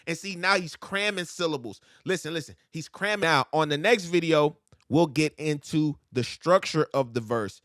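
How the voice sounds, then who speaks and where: A man's voice: on the high side, animated, normal speed, a bit bright, no echo, studio quality. A man coaching rap flow, explaining syllables and stress and rapping example lines back in a bouncy cadence. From United States. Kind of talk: breaking down rap verses.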